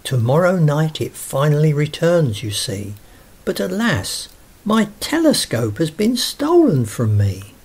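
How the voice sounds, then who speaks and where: Brief: man reading as a grieving scholarly ghost, storybook tone, slow husky delivery. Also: fairly high pitch, big pitch swings, a little mellow, voice pushed up, full character voice. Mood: mournful. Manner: mournful, tearful storytelling.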